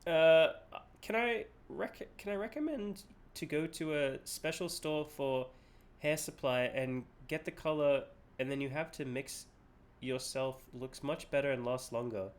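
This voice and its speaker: An adult man chats live while streaming a game, rambling playfully and laughing at himself over game music. His pitch is fairly high and he talks a little slowly.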